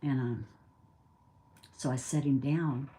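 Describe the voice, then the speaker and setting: A woman's voice: a bass voice, fairly even intonation, slow pace, dark tone. Chatty older woman telling a story. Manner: chatty, rambling, acts out dialogue. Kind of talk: casual spoken storytelling.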